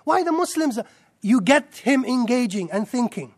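Excitable high-voiced male lecturer. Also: moderate pace. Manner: excitable, fires rhetorical questions at the audience. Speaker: Islamic lecturer. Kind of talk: impassioned religious lecture.

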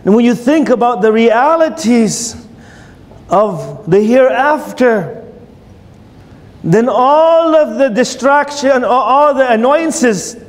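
Man, sermon, slow unhurried delivery, questions to the audience, long echoing hall. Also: sits high, a little mellow. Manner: storytelling, asks the audience questions. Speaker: preacher.

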